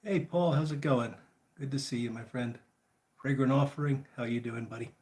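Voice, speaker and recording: A man's voice: medium pitch, normal speed. A man chatty livestream host. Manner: chatty, greets viewers by name, relaxed and friendly. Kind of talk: casual live chat.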